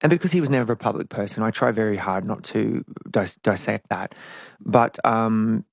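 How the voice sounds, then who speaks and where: A middle-aged woman, a singer, talking frankly and reflectively as an interview guest, animated at times. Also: very deep voice, moderate pace, creaky, husky, no echo, clean studio sound. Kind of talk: candid conversational interview.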